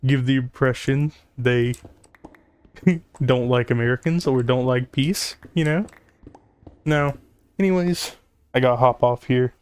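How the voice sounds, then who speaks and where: Guy rambling over gameplay, lots of likes and ums, sarcastic, mid-pitched voice. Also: slow, pauses often, a little mellow, smooth, no room sound. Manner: rambling, full of fillers and sarcastic jokes. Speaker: gaming YouTuber. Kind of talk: casual commentary over gameplay.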